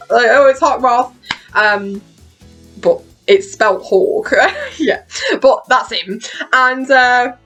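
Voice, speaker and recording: A young British woman with a fairly high, slightly bright voice chats casually about a TV show on her vlog. She speaks with a British accent, laughs a lot, and swears freely.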